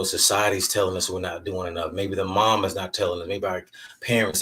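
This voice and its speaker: A man's voice: deep voice, a bit bright, far from the mic. A man hosting his own podcast, talking candidly and emphatically as he tells stories. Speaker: podcast host. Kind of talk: casual monologue podcast.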